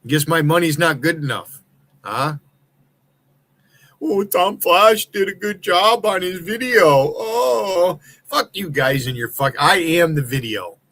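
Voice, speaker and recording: Us guy ranting on his stream, swearing a lot, angry and accusing, slightly high voice. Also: expressive, slow pace, bright, forceful tone. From United States. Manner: heated, profane, accusatory. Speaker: livestream host. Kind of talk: angry profane rant.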